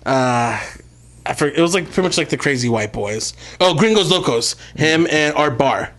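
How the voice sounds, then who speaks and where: A man's voice: a little high, animated, normal speed, a bit bright. Rambling, swearing podcast guy. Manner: rambling, lots of fillers and swearing. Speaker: podcast co-host. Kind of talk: casual chat.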